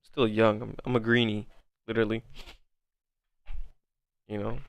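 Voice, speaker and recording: A young man in his twenties chats with viewers on a trading livestream, drawling along at an unhurried pace. He laughs often, swears freely and calls everyone bro. His voice is close and dry, with no room around it. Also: lowish voice, little pitch movement, gravelly, no echo. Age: 20s. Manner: laughs hard, swears, bro-heavy banter. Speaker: forex livestream host. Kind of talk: casual livestream chat.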